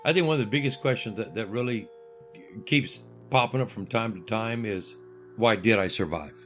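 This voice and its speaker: Older male interview guest, lower voice, dry humor, lively storyteller who acts out the people he quotes. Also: normal speed, soft background music. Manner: wry humor.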